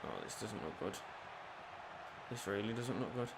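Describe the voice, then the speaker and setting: A young man giving crude, cheeky commentary over a football video game, swinging from low mutters to shouted goals. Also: animated, normal speed, creaky, heavy background noise. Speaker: gaming YouTuber. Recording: faint music behind.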